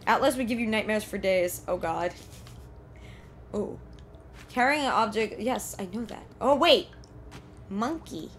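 A young woman streaming a horror game live, excitably reacting out loud and talking to the game and her chat from a desk mic at home. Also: fairly high pitch, a little fast, slight background noise. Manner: excitable, exclaims and talks to the game. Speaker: gameplay streamer. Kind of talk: live let's play commentary.

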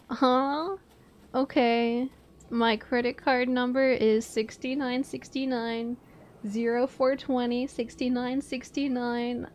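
A woman's voice: a little high, darkish tone. A woman from Atlantic Canada chatting casually with her live-stream viewers, swearing and laughing often. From Maritimes, Atlantic Canada.

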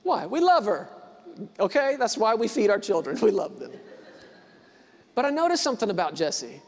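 High-voiced pastor preaching in a reverberant hall. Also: male voice, big pitch swings, normal speed, gravelly. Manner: emphatic repetition, swings from quiet to loud. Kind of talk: sermon. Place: church hall. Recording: long reverb of a large hall.

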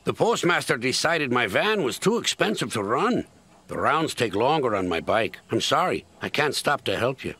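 A man's voice: mid-range voice, big pitch swings, normal speed, bright, forceful tone, slightly rough, exaggerated voice. A man doing a kindly folksy old postman. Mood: glum. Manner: homely, folksy speech. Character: kindly older male village postman.

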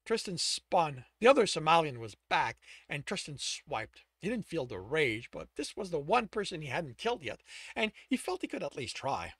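A man narrating a dark novel, reading with expressive, sweeping pitch. He pauses to correct his own stumbles, and the recording is dry and close. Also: slightly rough, no room sound. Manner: dramatic reading with self-corrections. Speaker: author reading his own book aloud. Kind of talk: audiobook narration.

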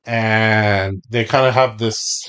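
A man acting as game master, narrating a tabletop game unhurriedly and pausing to check his notes. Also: lowish voice, steady tone, a bit bright, clean tone. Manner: unhurried, describes scenes with pauses to check notes.

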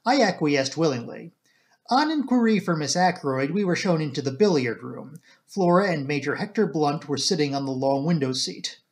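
A man narrating a classic mystery as an audiobook reader, in a measured, even reading voice. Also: a little high.

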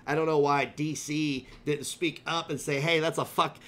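A man's voice: on the high side, steady tone, moderate pace, a bit bright. A male live streamer delivering a profane, confrontational rant full of taunts. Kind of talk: livestream rant.

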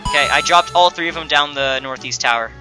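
A man's voice: fairly high pitch, quick pace, music in the background. A young man in casual gaming chat, joking and teasing his group, saying "like" a lot. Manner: joking, teasing, fills speech with "like". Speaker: gamer leading a group.

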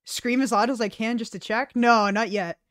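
A woman's voice: fairly high pitch, steady tone, normal speed, a bit bright, dry recording. Young woman, streamer, giggly and chatty, casual talk, dry close sound. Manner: giggly, chatty, breaks into laughter. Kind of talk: casual live-stream chat with friends.

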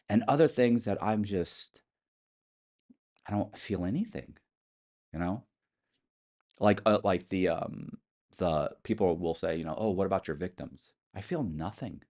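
Deep-voiced man telling stories. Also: unhurried, warm tone. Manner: matter-of-fact, rambling, many restarts. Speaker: interview guest. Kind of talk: casual storytelling interview.

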